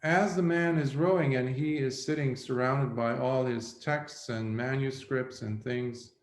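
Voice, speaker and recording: A Buddhist monk giving a reflective dharma talk, telling a story slowly with pauses. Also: male voice, medium pitch, fairly even intonation. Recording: roomy echo.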